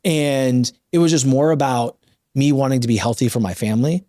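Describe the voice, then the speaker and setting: A man in his thirties hosting a podcast interview, talking in an animated, emphatic, motivational way. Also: mid-range voice, brisk, no echo, studio quality. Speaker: podcast host. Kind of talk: casual interview talk.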